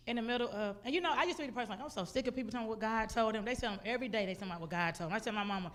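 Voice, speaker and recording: A woman giving a testimony sermon in a church, telling her story with animated delivery and acting out her own outbursts. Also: on the high side, very fast, few pauses. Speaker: guest speaker. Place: church sanctuary.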